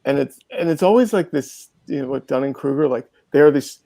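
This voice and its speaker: A man's voice: mid-range voice, expressive, fairly quick, gravelly, dark tone, dry recording. A man in a casual group discussion, rambling with many fillers and an amused tone. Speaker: panel guest.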